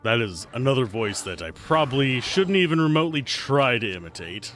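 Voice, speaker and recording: A man's voice: medium pitch, sing-song, brisk, music in the background. A man casually commentating while he plays a video game on a livestream, chatty and playful as he thinks aloud. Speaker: streamer playing a video game.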